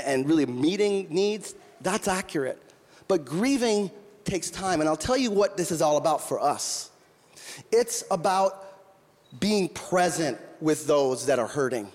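A man's voice: fairly high pitch, darkish tone. A middle-aged man preaching a sermon, telling a story in an earnest voice and often restarting his words. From Minnesota or North Dakota region. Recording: long hall reverb.

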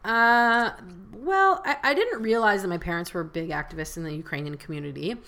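A woman from Canada, a podcast guest telling stories in an animated, casual way. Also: mid-range voice, brisk. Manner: animated storyteller. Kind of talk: casual chat.

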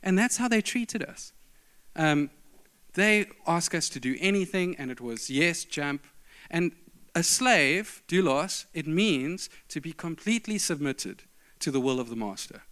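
A man's voice: a little high, expressive, unhurried, fairly bright tone. A middle-aged man preaching a sermon, telling stories with emphatic, varied delivery.

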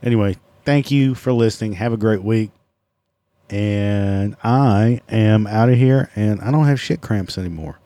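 A man hosts his own podcast alone and rants in a loose, profane way, mocking his listeners and himself. His voice sits low and sounds mellow rather than bright. The recording is dry, with little room sound. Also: a little slow, no echo. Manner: profane, sarcastic, self-mocking. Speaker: podcast host. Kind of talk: casual solo podcast rant.

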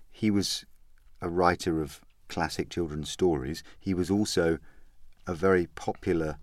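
Low-voiced thoughtful man. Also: darkish tone, dry recording. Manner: thoughtful, restarts phrases. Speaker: guest. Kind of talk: interview remarks.

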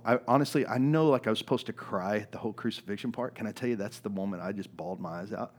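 This man, a pastor, gives a sermon in a conversational manner, often tossing in "right?" and alternating between loud, emphatic moments and soft, low stretches.

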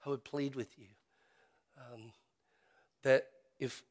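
A man's voice: mid-range voice, fairly even intonation, very slow. A man preaching a sermon as a pastor, talking in an earnest, conversational way and often restarting and repeating his words.

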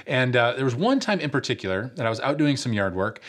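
A pastor from upstate New York delivers a sermon in a mid-pitched voice. He talks like he is telling a story to friends, pausing on frequent fillers. He drives his point home by repeating rhetorical questions. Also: very animated, a bit bright.

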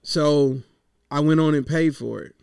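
Gravelly, frustrated man venting. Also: a little high, measured pace, a little mellow, dry recording, clean studio sound. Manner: frustrated, rambling, swears freely. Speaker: podcaster. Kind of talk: casual venting monologue.

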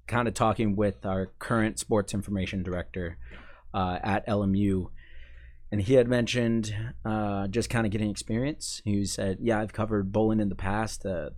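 A young man from Chicago who grew up in Maine, chatting casually as an interview guest, full of fillers and restarts and quick to laugh. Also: lowish voice. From Chicago, raised in Maine. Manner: halting, many fillers and restarts, laughs easily. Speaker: sports information staff, podcast guest.

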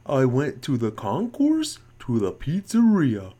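A man co-hosting a casual podcast chat, theatrical, his voice shooting up high when he gets excited. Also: slow pace. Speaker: podcast co-host.

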